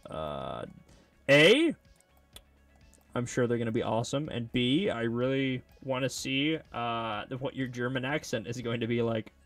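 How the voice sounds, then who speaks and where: A 3D sculpting video maker rambles and jokes to himself in a relaxed way as he works on a model. His voice is mid-range, and the recording is dry.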